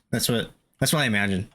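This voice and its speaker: A man's voice: fairly low pitch, expressive, normal speed, fairly bright tone. A young man streaming a game, chatting casually with viewers, laid-back, swearing and laughing often. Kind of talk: casual gameplay chat with viewers.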